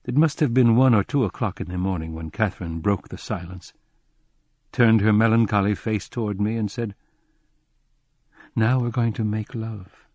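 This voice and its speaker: A man narrating a literary audiobook in a measured, somber first-person reading. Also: fairly low pitch, a little mellow, dry recording.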